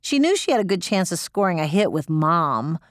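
A woman's voice: lowish voice, very animated, moderate pace, no echo, studio quality. A woman narrating in the first person as an audiobook reader, gritty, profane and emotional.

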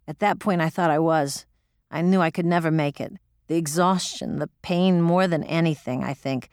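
A woman's voice: low-pitched, normal speed, a little mellow, smooth, no echo, studio quality. A woman narrating in the first person as an audiobook reader, gritty, profane and emotional.

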